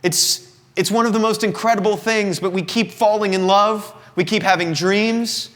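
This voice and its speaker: Before an audience in an indoor company showroom, a Southern man in his thirties, a singer-songwriter, delivers a reflective, earnest confessional monologue. His voice sits high and a bit bright, with fairly even intonation at normal speed, under the long reverb of a live room.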